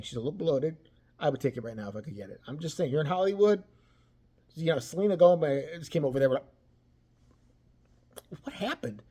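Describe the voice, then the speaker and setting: A person ranting about celebrity gossip, crude and mocking, swearing constantly and swinging between loud outbursts and low mutters. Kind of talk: profane ranting commentary.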